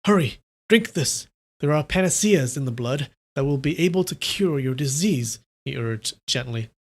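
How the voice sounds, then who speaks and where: A live-stream reader voicing a wounded young swordsman who speaks gently and with resignation. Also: medium pitch, expressive. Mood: resigned. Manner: urging gently, quick and resigned. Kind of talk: live novel reading.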